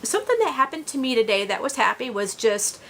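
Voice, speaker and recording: A woman's voice: a little high, big pitch swings, a little fast, fairly bright tone. Rambling middle-aged woman chatting to viewers. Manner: rambling, many fillers and restarts. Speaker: reborn doll vlogger. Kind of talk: casual chat to viewers.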